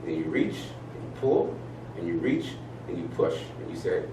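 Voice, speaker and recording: A man giving a motivational talk, animated as he leads his audience in spoken exercises. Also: deep voice, normal speed, hardly any pauses. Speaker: speaker leading a talk. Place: event room with audience. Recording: roomy sound from far off, faint noise.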